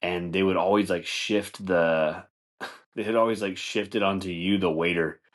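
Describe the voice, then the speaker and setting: A man's voice: deep voice, steady tone, a little slow. A man hosting a comedy podcast, rambling loosely through stories, swearing and laughing, saying dude a lot. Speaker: podcast host.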